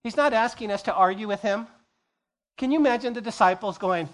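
A male pastor preaching a sermon, acting out scenes as quick dialogue and repeating key phrases for emphasis. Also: high voice, fairly bright tone.

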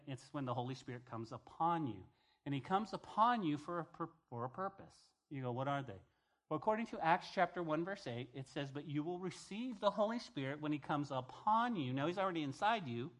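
A pastor preaches a sermon in an animated way, acting out the voices of the people he quotes. His voice is a little high and his pace fairly quick.

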